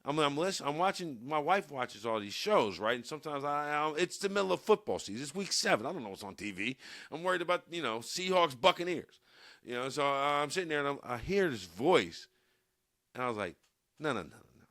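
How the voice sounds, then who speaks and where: A man hosting a sports podcast, chatting casually in an energetic, emphatic way that gets louder when he is riled up. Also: on the high side, brisk, no echo, studio quality. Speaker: sports radio podcast host.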